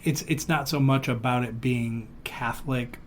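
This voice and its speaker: A man's voice: medium pitch, normal speed. Guy hosting a podcast, chatty and jokey, throws in silly voices, bit of faint hiss behind him. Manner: animated, breaks into playful silly voices. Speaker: podcast host. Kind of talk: casual chat.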